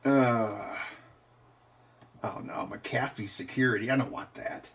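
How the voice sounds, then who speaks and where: A man's voice: lowish voice, slow, creaky, a bit bright, slightly rough. Wry offhand man streaming. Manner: wry, offhand, laughs at his own jokes. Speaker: live stream host. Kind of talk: casual chat while tinkering.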